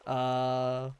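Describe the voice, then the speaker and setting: Smooth-voiced man streaming. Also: medium pitch, darkish tone. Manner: rambling, chatty, many fillers. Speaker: game streamer. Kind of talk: casual live-stream chat while playing.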